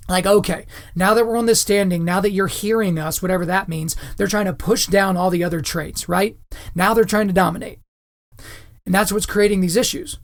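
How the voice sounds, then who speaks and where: A podcast host with a high, gravelly voice delivers opinionated commentary in a lecturing tone. He keeps checking in with his listeners, asking "right?" and "okay?"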